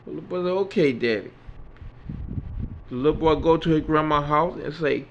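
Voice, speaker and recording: A man's voice: a little high, moderate pace, pauses often. A man telling a long comic joke, acting out every character's lines in turn. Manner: acts out each character in turn, Southern US vernacular. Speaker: joke teller. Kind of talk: storytelling a dirty joke. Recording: dull lo-fi sound.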